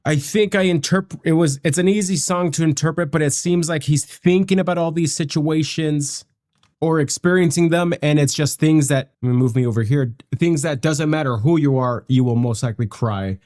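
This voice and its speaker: A man hosting a music reaction video, talking in a reflective, halting way and often restarting his sentences. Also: on the high side, darkish tone. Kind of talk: casual reaction commentary.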